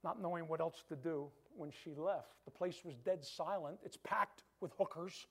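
A male preacher with a notably high voice tells a story in a sermon. He retells it through quoted dialogue, keeping it animated and moving. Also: moderate pace, creaky, hardly any pauses, breathy edge.

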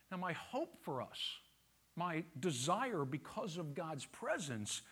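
A man's voice: high-pitched, fairly bright tone. A man preaching a sermon to his congregation in a church, talking in a conversational, teasing way. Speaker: pastor. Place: church sanctuary.

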